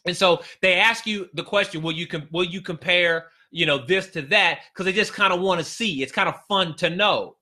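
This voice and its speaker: Emphatic bright-voiced business coach, man. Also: high-pitched, normal speed, hardly any pauses. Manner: emphatic, repeats phrases, many restarts. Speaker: business consultant. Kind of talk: live-streamed coaching talk.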